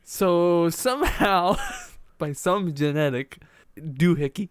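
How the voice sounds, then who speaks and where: A man's voice: on the high side, slow, clean tone, dry recording, clean studio sound. A man co-hosting a podcast in casual chat, rambling with lots of restarts and wheezy laughs. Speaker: podcast co-host.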